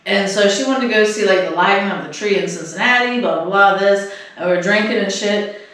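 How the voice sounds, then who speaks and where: A podcast co-host with a high, bright, forceful voice tells a story casually and fairly quickly, rambling, swearing, and using lots of fillers. The mic is distant and the room echoes.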